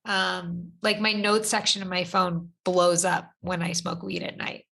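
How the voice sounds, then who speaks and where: A woman's voice: lowish voice, fairly even intonation, measured pace, creaky, fairly bright tone. A woman co-hosting a podcast, chatting casually and rambling with lots of "like" fillers. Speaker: podcast co-host. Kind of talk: casual chat.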